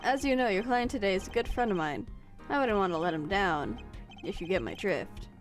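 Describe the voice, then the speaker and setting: A poised male defense attorney from a video game, calm and softly condescending, read out by a woman. He talks in a measured, even way over quiet game music. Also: mid-range voice, close to an everyday voice.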